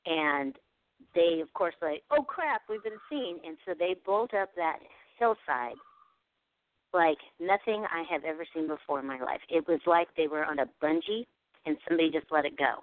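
Woman guest, casual animated storyteller, tinny phone-line audio. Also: low voice, normal speed, no room sound. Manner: animated, acts out quoted dialogue. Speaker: guest telling an encounter story. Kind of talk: casual storytelling on a radio show.

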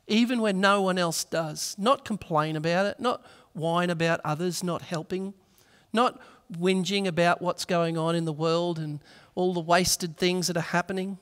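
A man's voice: high-pitched, fairly even intonation, moderate pace, fairly bright tone. A man preaching a sermon in a church, telling a story earnestly and acting out the voices in it. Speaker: pastor. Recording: reverberant church hall.

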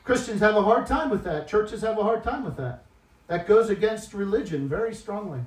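A man with a high-pitched voice preaches a sermon, dropping to soft, confessional tones and then rising into loud, emphatic appeals. He is recorded from a distance in an echoey church hall, so his voice rings around the room. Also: animated, normal speed. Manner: swings between soft, tearful-toned confession and loud emphatic exhortation. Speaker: guest preacher.

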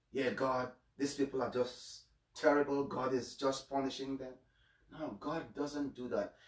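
Here a priest with a fairly high-pitched voice gives an earnest homily, caught on a distant mic in a reverberant room. His starts are shaky, and he frequently says his first words twice.

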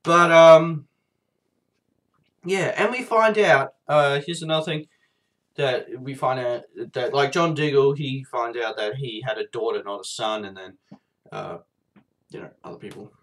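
A man's voice: mid-range voice, measured pace, long pauses, fairly bright tone. A man with a sore throat and a blocked nose, reviewing TV episodes in a casual, rambling way, full of fillers and swearing.

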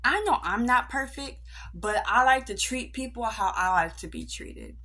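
A woman's voice: on the high side, lively intonation, moderate pace, sharp tone. A young woman vlogger telling an indignant, slangy story in a casual rant.

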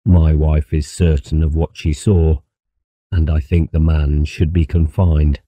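A man's voice: extremely low pitch, level tone, measured pace, mellow, no room sound. A man playing a colonel, a protective husband who speaks savagely and threateningly in an audiobook.

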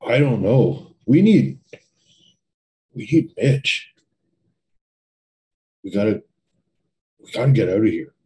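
A man's voice: lowish voice, takes it slowly, long pauses, warm tone, poor audio. A man voicing a rattled teenage boy in a tabletop game, stammering as he tries to reassure a friend. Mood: anxious. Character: rattled teenage boy trying to stay calm.

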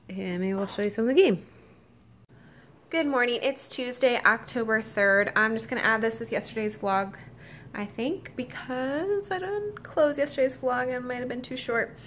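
A young woman talking casually to the camera in a personal vlog, relaxed and chatty. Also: fairly high pitch, moderate pace, slight background noise. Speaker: vlogger.

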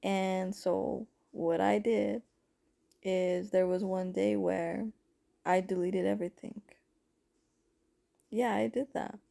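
A woman's voice: medium pitch, fairly even intonation, slow pace, gravelly, long pauses, dark tone. A woman telling her personal spiritual story to viewers in a rambling, emotional way, calling them folks and honey. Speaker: spiritual content creator. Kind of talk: personal testimony vlog.

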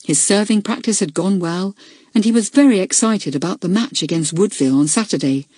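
A woman narrating a children's book in a clear, measured storytelling manner. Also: mid-range voice, mellow, dry recording, studio quality. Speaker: audiobook narrator. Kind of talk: scripted narration.

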